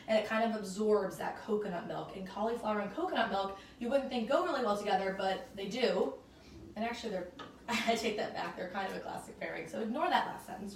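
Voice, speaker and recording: A woman's voice: medium pitch, distant mic. Young woman, casual home-cooking host, upbeat and self-correcting, faint room hum behind. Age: young adult. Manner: chatty and upbeat, thinks aloud and corrects herself. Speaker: home cook hosting a cooking video. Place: home kitchen. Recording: roomy kitchen sound from off-mic.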